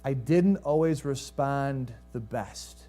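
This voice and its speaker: Taking his time in a mid-range voice, a male pastor preaches a sermon shaped as a story. Rhetorical questions go out to the congregation as he moves between spirited rises and soft, hushed drops.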